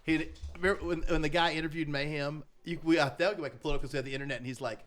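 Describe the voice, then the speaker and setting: A man's voice: fairly high pitch, fairly even intonation, racing, a bit bright. Rambling middle-aged man telling stories. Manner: rambling storyteller with many restarts and voiced quotes. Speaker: podcast co-host. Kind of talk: casual chat.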